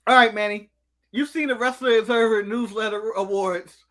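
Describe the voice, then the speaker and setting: High, bright-voiced American man ranting. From United States. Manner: animated ranting, snacking while talking. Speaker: co-host. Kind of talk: casual live-stream chat.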